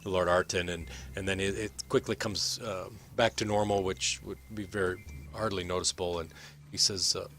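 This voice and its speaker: A man narrating a tabletop game as game master, rambling with many pauses and fillers. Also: sits low, steady tone, a bit bright, a little hiss or hum.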